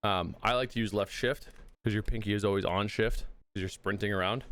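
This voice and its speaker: Winded dude casually walking through game settings, smooth clear voice, chill and chatty. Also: male voice, lowish voice, fairly even intonation, fairly quick, fairly bright tone, no echo. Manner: laid-back, chatty, with fillers and mild swearing. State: out of breath. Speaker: gaming video creator. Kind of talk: casual tutorial talk.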